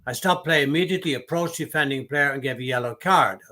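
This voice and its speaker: A man's voice: on the high side, fast, pushed and bright. A man co-hosting a casual refereeing discussion, chatting and reading out viewer messages. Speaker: co-host.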